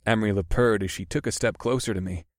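A man narrating a first-person fantasy audiobook in a steady, measured way. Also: fairly low pitch, no room sound, studio quality.

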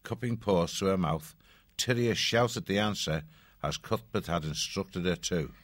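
A man narrating an audiobook story in a measured, even storytelling manner. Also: low voice, no room sound.

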